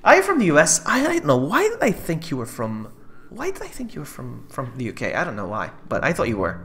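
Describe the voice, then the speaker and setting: A man streaming a game live, chatting to viewers and yelping or shouting when something startles him. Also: fairly high pitch, huge pitch swings, fast. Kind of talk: live let's-play commentary. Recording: game music playing underneath.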